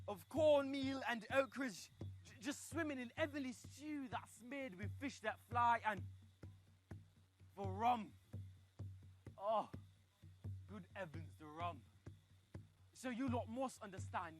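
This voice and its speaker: A man performing a comic story, chatty and animated, swinging from hushed asides to loud outbursts. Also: very high voice.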